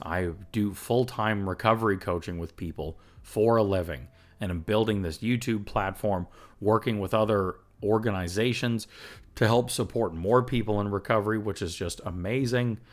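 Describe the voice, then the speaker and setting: A man's voice: fairly low pitch, normal speed. A man hosting a solo recovery podcast, talking earnestly and with emotion in an upbeat, chatty way, with laughs and fillers. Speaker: recovery coach and podcast host.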